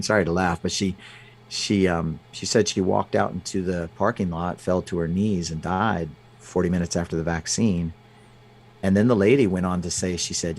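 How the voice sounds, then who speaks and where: A man, a guest in an interview, telling personal stories with many restarts and fillers. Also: low voice. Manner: halting, frequent restarts and fillers. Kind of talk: conversational storytelling.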